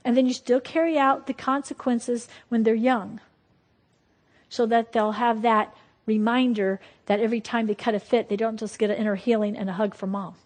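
A woman giving a sermon-style Christian teaching. She is emphatic and lively, swinging between loud bursts and quiet asides. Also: a little high, moderate pace.

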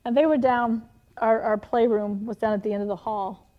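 A middle-aged woman preaching a sermon, telling animated personal stories with frequent laughter. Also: fairly high pitch, moderate pace, muffled recording.

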